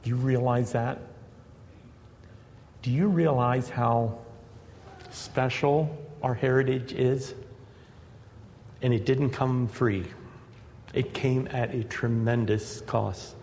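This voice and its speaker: Guy preaching a sermon, earnest, gets emphatic, mid pitch, long church echo. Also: steady tone, slow, pauses often, darkish tone, slight background noise. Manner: earnest, building to emphatic peaks.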